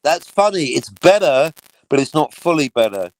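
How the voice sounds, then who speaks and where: A man's voice: fairly high pitch, very animated, moderate pace, low-quality recording. Sarcastic ranting man. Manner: sarcastic, ranting, swears freely. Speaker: livestream host. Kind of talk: casual livestream chat.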